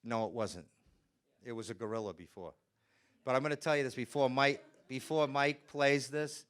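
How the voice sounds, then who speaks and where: A man lecturing on nonverbal communication at a medium pitch, with a smooth, clear voice. His delivery is animated, and he slips into quoted voices to make his points. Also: normal speed. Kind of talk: lecture presentation. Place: presentation room with slides.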